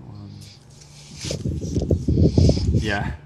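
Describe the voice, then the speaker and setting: A man's voice: drawn-out words, very noisy. A man narrating as game master in a casual, rambling way, with the odd chuckle.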